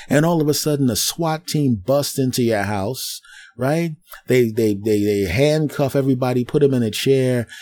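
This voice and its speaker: A middle-aged man hosting a solo podcast, ranting in an animated way and acting out voices as he goes. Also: fairly low pitch. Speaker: podcast host.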